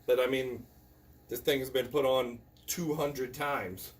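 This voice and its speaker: A man's voice: mid-range voice, fairly even intonation, measured pace. A man from Indiana teaching a hands-on medical class in a casual, blunt, joking way. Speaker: tactical medicine instructor.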